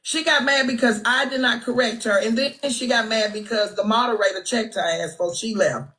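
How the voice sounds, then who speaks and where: A Texan-accented woman on a phone livestream calls people out with brash, sassy, trash-talking gossip commentary. Her voice is high-leaning, bright and forceful, and she talks a little fast. The audio is poor, carrying some hiss or hum.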